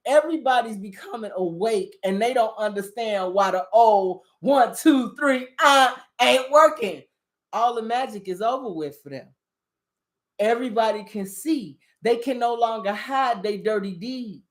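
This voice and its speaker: A woman giving a heated, profanity-laced rant on current events, combative and emphatic as she talks straight to her viewers. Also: a little high. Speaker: spiritual commentator on current events.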